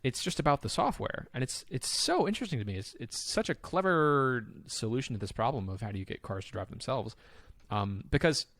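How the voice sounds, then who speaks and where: A man co-hosting a podcast, chatting casually and telling stories with lots of fillers, getting excitable as he goes. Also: medium pitch, a little fast, few pauses, no room sound. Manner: animated, excitable storyteller with frequent fillers. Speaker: podcast co-host. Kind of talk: casual chat.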